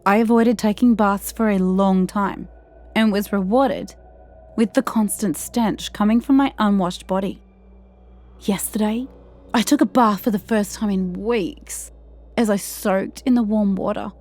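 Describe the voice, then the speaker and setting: A woman narrating a scripted first-person horror story in a tense, hushed way, sometimes slowing down or dropping to a whisper. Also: medium pitch.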